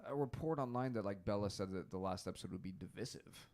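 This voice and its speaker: Excitable, rather low-voiced young man. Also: fast. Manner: excitable, jokey, animated. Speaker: podcast co-host. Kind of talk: casual chat.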